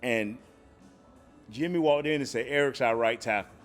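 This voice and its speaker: A middle-aged man, a podcast guest telling lively stories, acting out quotes and laughing often. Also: medium pitch, normal speed, soft background music. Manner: animated storyteller, acts out quotes, laughs often. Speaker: guest, former football player. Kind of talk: storytelling podcast interview.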